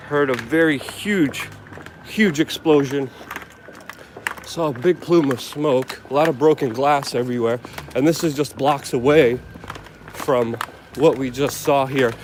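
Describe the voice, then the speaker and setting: A man reporting live on the scene as an independent reporter, shaken and exclaiming over and over while filming with a handheld camera outdoors. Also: medium pitch. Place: outdoors on a city street. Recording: loud street noise outdoors.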